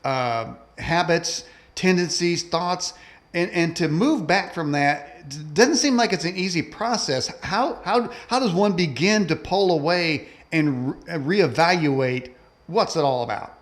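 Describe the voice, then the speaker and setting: A man's voice: on the high side, animated, a little slow. A man hosting an interview show who chats in a folksy, self-described cowboy way. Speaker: talk show host. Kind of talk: casual interview chat.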